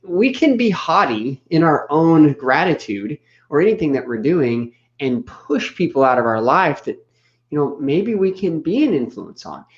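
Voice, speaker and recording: A man's voice: on the high side, big pitch swings, normal speed, muffled recording. A man co-hosting a casual talk show, speaking candidly and thoughtfully with some hesitation. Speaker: podcast co-host. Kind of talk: casual reflective chat.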